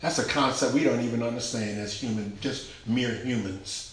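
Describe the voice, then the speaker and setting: A man preaching a sermon in a rhythmic, repetitive cadence, swinging from shouted exclamations to hushed near-whispers. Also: mid-range voice, moderate pace. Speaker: pastor. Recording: echoey room.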